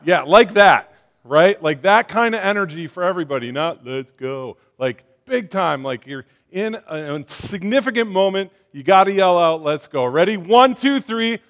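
Chatty man preaching, slightly high voice. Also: animated, normal speed. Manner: conversational, full of fillers like "um" and "like"; rallies the congregation to shout back. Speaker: church speaker. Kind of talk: casual sermon.

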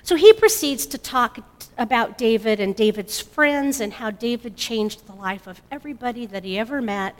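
A middle-aged mother giving an emotional personal testimony, halting and restarting often. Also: fairly high pitch. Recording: long hall reverb.

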